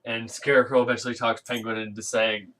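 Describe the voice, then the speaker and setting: A man's voice: mid-range voice, little pitch movement, a little fast, sharp tone, distant mic, a little hiss or hum, rough recording. A man casually recapping a comic book issue, rambling with lots of fillers and restarts and acting out the characters' lines in silly voices. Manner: rambling, filler-heavy, acts out quotes in funny voices.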